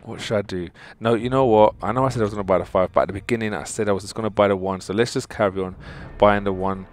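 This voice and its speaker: A man hosting a gaming channel, commenting on opening game crystals, excitable and exasperated, pleading with the game and calling his viewers dudes. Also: lowish voice, fast talker. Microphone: desktop mic.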